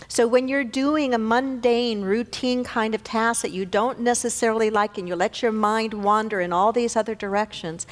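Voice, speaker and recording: A woman minister giving an earnest, conversational sermon to her congregation, often repeating phrases for emphasis. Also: mid-range voice. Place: large church sanctuary. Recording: long hall reverb.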